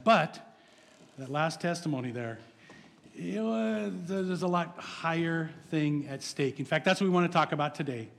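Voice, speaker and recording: Earnest high-voiced male pastor. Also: in a large hall. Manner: earnest, encouraging, repeats words. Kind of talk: sermon.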